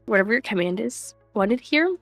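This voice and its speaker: A woman's voice: on the high side, animated, normal speed, a bit bright, no room sound, faint music behind. A young woman chatting casually on a live stream, greeting viewers by name and laughing often, recorded at home on a desk microphone. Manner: chatty, reads chat names aloud, frequent laughs. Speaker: livestreamer.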